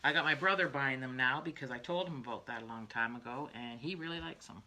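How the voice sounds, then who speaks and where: A woman's voice: a bass voice, fast, pushed and bright, slight background noise. An older woman hosting a craft livestream, chatting in a rambling way, laughing often and drifting into asides. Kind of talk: rambling casual chat.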